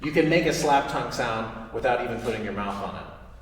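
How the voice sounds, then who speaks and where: A man's voice: mid-range voice, animated, fairly quick. A man leads a live saxophone master class, heard from a distance in a recital hall that rings with a long reverb. He is encouraging, keeps putting questions to the student, and sings little syllables to show articulation. A faint hiss sits beneath his voice. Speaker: saxophone teacher. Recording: distant, echoey hall recording, faint noise.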